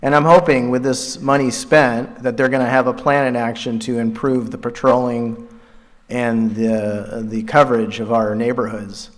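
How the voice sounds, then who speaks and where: A man chairing a town meeting, speaking informally with many pauses and fillers. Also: mid-range voice, level tone. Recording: reverberant hall.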